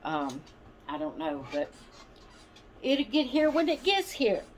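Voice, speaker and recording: Lady vlogger rambling slow to her viewers, lots of ums, faint hiss behind. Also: fairly high pitch, big pitch swings. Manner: rambling, chatty, frequent ums and asides. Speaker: doll channel vlog host. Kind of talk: casual chat to viewers.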